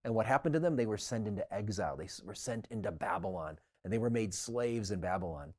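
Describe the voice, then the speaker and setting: A man with a lowish, slightly mellow voice co-hosts a Bible study, talking fast with lively intonation. In this teaching discussion he explains scripture casually and acts out how listeners would react.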